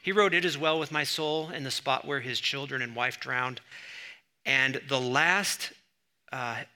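A man preaching a sermon, conversational with asides, and rising loud when he reads scripture. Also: medium pitch, a little slow. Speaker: pastor.

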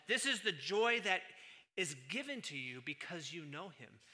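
A man preaching a sermon as pastor, moving between quiet, low asides and loud, emphatic stretches. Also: expressive, normal speed.

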